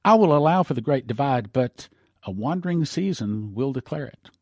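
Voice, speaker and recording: A man's voice: medium pitch, lively intonation, normal speed, darkish tone, dry recording, clean studio sound. A male pastor preaching on prophecy in a fervent, emphatic broadcast style.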